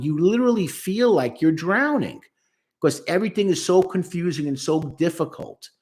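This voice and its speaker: Male therapist, slightly high voice, emphatic commentary on song lyrics. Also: lively intonation, normal speed, a little mellow.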